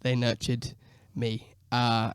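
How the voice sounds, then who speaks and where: A man's voice: mid-range voice, monotone, slow, smooth, no echo, studio quality. A young man, a guest musician, telling stories in a laid-back way on a casual podcast, often laughing. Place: podcast studio.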